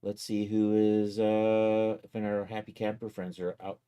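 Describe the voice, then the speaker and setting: Easygoing male streamer, low mellow voice, thinks aloud in a casual sign-off chat. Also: flat delivery, a little slow, smooth. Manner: easygoing, thinks aloud while clicking around.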